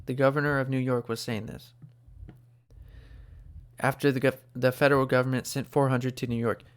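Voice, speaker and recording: A man hosting an opinionated commentary show, animated and sarcastic, talking close to the microphone. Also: mid-range voice, moderate pace, clear, resonant tone. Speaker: host.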